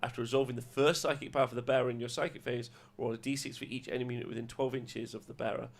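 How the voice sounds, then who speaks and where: A man's voice: mid-range voice, steady tone, racing, vocal fry, a little hiss or hum. A man hosting a casual chat, reading rules aloud and laughing often between jokes. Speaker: podcast host.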